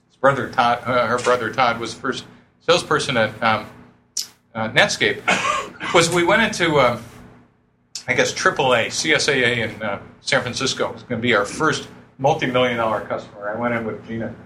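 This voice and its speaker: A middle-aged man telling lively stories to an audience, acting out the voices he quotes and laughing often. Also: medium pitch, a little fast, slight background noise. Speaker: speaker telling startup stories. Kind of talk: lively storytelling talk.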